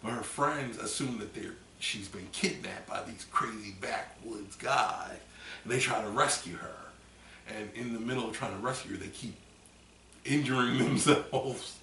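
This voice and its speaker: Vlogger, male, gravelly edge, rambling storyteller, a bit tipsy, distant mic in an echoey room. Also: mid-range voice, moderate pace, slight background noise. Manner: rambling animated storytelling with loud acted screams. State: tipsy from drinking. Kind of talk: casual chat.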